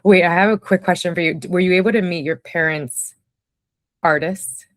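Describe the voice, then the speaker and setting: A woman's voice: on the low side, steady tone, moderate pace, dry recording, studio quality. A woman telling personal stories in a casual conversation, reflective and chatty, with many fillers. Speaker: podcast guest, writer.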